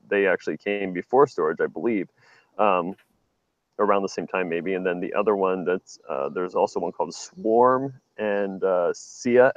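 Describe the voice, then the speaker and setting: Man, very deep voice, show guest, easygoing, hesitant, dull lo-fi sound. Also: no room sound. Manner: easygoing, brief replies, hesitant fillers. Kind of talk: casual interview answers.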